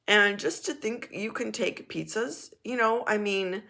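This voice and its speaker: A woman vlogger telling a casual story in a frank, animated and blunt way, now and then swearing. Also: medium pitch, measured pace, creaky.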